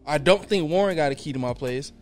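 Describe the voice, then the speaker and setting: Young male co-host, lively swearing storyteller, high pitch, light music under. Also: fast. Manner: animated, profane, acts out his own reactions. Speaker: podcast co-host. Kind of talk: casual storytelling chat.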